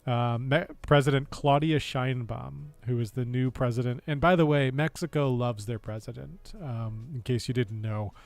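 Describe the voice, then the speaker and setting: An American man streaming casual political commentary, sarcastic and laughing often, with halting speech full of fillers and restarts. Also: mid-range voice, fairly even intonation, gravelly, a little mellow, no room sound, soft background music. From United States.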